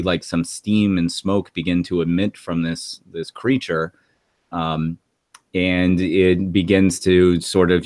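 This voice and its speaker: A man narrating a tabletop game as game master, halting and filled with ums and likes. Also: deep voice, no room sound.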